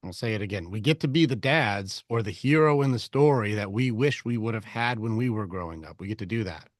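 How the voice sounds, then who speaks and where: A man's voice: on the low side, a little fast, no room sound, clean studio sound. A man hosting a men's group talk, coaching casually and swearing as he goes. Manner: animated, swears often, acts out voices in quotes. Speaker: host leading a men's group discussion.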